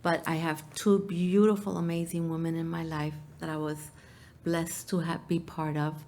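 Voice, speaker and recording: A woman's voice: low voice, little pitch movement, moderate pace, warm tone, slight background noise. A woman appearing as a talk show guest who speaks in a heartfelt, emotional way and often laughs.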